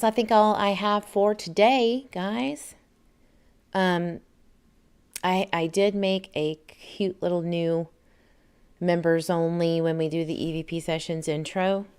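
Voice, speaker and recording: A Southern US woman hosts a laid-back livestream, chatting and reading viewer comments out loud while laughing a lot. Her voice sits on the low side, with a clear, resonant tone.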